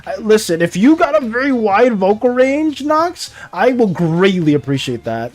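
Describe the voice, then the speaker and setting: On a live art stream, a young man chats casually with viewers in a high voice at normal speed. He's animated and apologetic, rambling along with frequent restarts and bursts of laughter.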